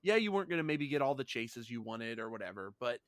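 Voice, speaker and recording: Podcast guy talking fast, acts out what people said, dry sound. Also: mid-range voice, no room sound. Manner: animated storyteller, acts out quotes. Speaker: podcast co-host. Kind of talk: casual chat, storytelling.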